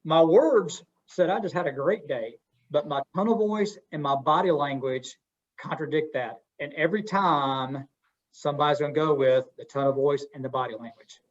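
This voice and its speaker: Man presenter, fairly high voice, folksy and interactive, muffled webinar sound. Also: moderate pace. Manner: folksy, asks the audience questions. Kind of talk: interactive workshop talk. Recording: dull lo-fi webinar audio.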